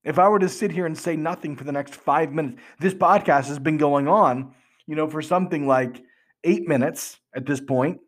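A man's voice: fairly high pitch, moderate pace. A man hosting a podcast, explaining earnestly with rhetorical questions and frequent restarts. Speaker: podcast host.

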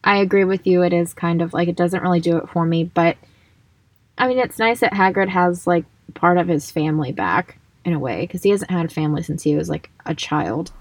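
A woman's voice: on the low side, fairly quick, no echo. Chatty woman co-hosting a book podcast. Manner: chatty, laughs often, reads passages aloud. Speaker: podcast co-host. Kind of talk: casual book discussion.

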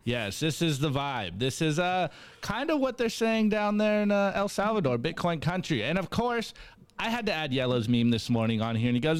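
A man co-hosting a podcast, reading out memes in an energetic, preachy hype style. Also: a little high, moderate pace, smooth. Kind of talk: enthusiastic podcast chat.

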